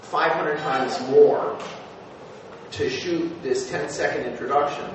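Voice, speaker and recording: Telling lively but halting stories full of fillers and restarts, a former TV news producer addresses an audience in a slightly high male voice. He is recorded from far off in a very echoey hall, with noise present.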